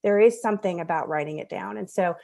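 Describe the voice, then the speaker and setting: A woman's voice: on the low side, quick pace, creaky, warm tone. A woman in her thirties, a podcast guest, telling a personal story in an earnest, conversational way and laughing at herself now and then.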